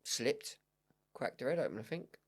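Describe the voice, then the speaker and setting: A man's voice: medium pitch, sing-song, normal speed. A young man co-hosting a podcast, telling his holiday story in an easygoing, agreeable way and laughing often. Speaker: podcast co-host. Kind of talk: casual chat.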